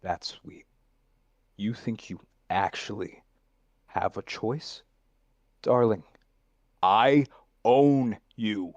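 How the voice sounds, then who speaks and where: A man voicing a condescending male villain boss in a voice acting session, speaking slowly with quiet, possessive menace. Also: lowish voice, dry recording, muffled recording, exaggerated voice. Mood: menacing.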